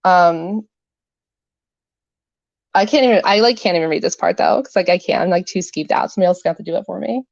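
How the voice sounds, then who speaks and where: Woman host, low-pitched, casual commentary, dry, slightly dull stream sound. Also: fast talker, vocal fry, long pauses, darkish tone, no echo. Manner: casual, chatty, lots of fillers and "like". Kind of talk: livestream commentary, reading court filings aloud.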